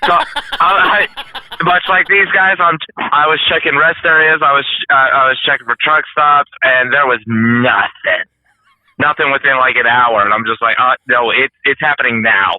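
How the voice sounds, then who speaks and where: A man's voice: medium pitch, fairly even intonation, normal speed, phone-quality sound. A man who drives trucks, a guest telling a funny story with lots of laughter. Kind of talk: casual storytelling.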